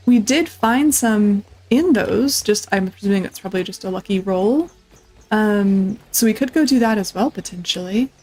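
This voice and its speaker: A woman casually commentating her survival game playthrough, chatting to the creatures on screen and breaking into excited yelps. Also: medium pitch, moderate pace, low-quality recording. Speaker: gameplay streamer. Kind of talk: casual let's-play commentary.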